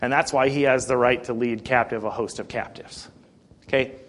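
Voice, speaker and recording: A man preaching a sermon, animated, swinging between quiet and loud delivery. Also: mid-range voice, normal speed.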